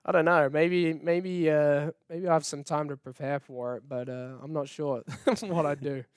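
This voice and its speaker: A young Australian man in his twenties, a guest talking casually in an interview, relaxed and laughing easily. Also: a little high, moderate pace, clear, resonant tone, dry recording, studio quality. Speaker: guest, baseball player.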